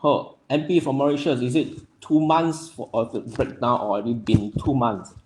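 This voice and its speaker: A young man from Nepal, hosting a livestream and greeting viewers by name in a friendly, halting way full of fillers. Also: mid-range voice, steady tone, a little mellow, a little hiss or hum. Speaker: livestream host.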